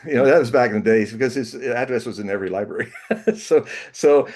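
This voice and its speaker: A man, a guest on an interview show, telling a personal story with laughs, restarts and lively acted bits. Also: mid-range voice, brisk.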